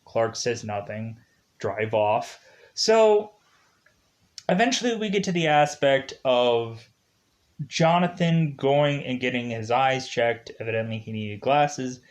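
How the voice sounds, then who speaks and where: In a slow, loose, chatty style, a man talks through a film review, circling back on himself and leaning heavily on filler words. His voice sits at an ordinary mid height for a man, but his pitch jumps up whenever something excites him.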